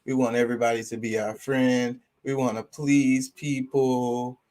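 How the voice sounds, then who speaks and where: A man's voice: mid-range voice, little pitch movement, measured pace, darkish tone. A man talking casually and profanely about pets, rambling with lots of fillers. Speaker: streamer. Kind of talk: casual opinion talk.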